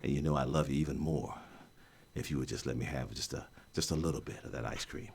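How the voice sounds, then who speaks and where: A man imitating a deep-voiced crooner, speaking slowly and softly in a smooth, seductive murmur. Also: full character voice. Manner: slow, breathy, soft crooning.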